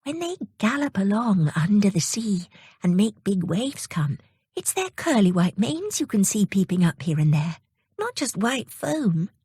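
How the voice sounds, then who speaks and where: A woman voicing a kindly young sea fairy girl in a storybook reading, speaking softly with a high, lilting lift. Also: sing-song, unhurried, breathy edge, dry recording, clean studio sound, exaggerated voice. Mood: gentle.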